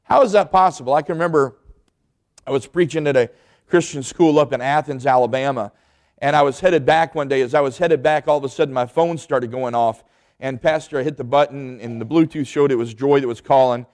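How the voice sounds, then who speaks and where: A man's voice: mid-range voice, a little fast, a little mellow. A middle-aged man preaching a sermon, emphatic and full of rhetorical questions. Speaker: pastor. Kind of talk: sermon with storytelling.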